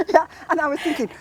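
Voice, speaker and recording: A middle-aged woman from Hawaii, hosting a casual talk show, exuberant and loud, laughing often. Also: high voice, very noisy. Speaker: host. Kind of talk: casual chat.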